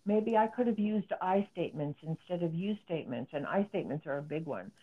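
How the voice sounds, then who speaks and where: Speaking fairly quickly in a lowish voice with lively intonation, a middle-aged woman psychotherapist explains things earnestly as an interview guest, acting out quoted speech. The sound is narrow and phone-like.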